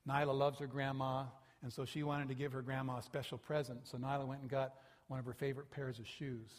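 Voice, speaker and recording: A male pastor with a mid-range voice preaches in a church sanctuary, speaking fairly quickly. His sermon is built around stories, which he tells with animation, acting out the people in them.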